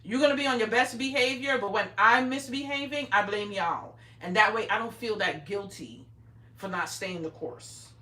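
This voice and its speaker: A woman's voice: medium pitch, normal speed, bright, forceful tone, far from the mic. A middle-aged woman hosting a craft livestream from her home craft room, talking in a brash, profane, bossy teasing way. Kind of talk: casual livestream chat while crafting. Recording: roomy echo, speaking away from mic.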